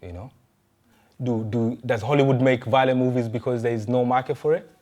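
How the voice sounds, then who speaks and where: A pastor preaches a sermon conversationally, firing rhetorical questions at his listeners and often stumbling and restarting his words. His voice sits at an ordinary middle pitch, brisk and darkish in tone.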